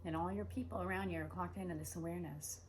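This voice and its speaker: Lower-voiced woman in a rambling spiritual monologue. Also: steady tone, background noise. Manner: meandering and repetitive, with slow emphatic stretches. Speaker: spiritual speaker.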